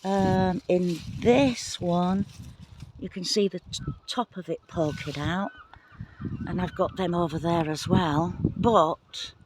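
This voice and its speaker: A woman giving a casual tour of her garden plot outdoors in the wind, talking excitedly and apologetically into a handheld phone camera. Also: lowish voice, slow pace. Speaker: gardening vlogger.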